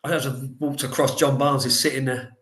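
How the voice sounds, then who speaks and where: A man on a podcast as a guest, telling animated, rambling anecdotes in casual chat with lots of "like". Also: mid-range voice, brisk, roomy sound. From England.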